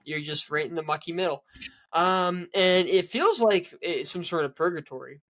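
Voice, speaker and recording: A man's voice: fairly high pitch, animated, normal speed, fairly bright tone. A man co-hosting a casual sports podcast, rambling with many restarts and fillers. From Canada. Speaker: podcast co-host.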